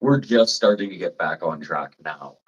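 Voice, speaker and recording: Canadian dude on a livestream, real low voice, swears a lot, rambles, mocks people in squeaky voices. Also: male voice, normal speed, slightly rough, muffled recording. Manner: swears freely, rambling and blunt. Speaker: livestream host. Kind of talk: casual live chat with viewers.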